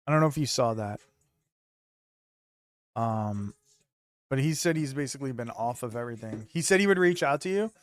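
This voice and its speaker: A man's voice: mid-range voice, expressive, normal speed, pauses often, dry recording. A man streaming from home, chatting loosely with his viewers, joking and swearing casually. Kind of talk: casual chat with live viewers.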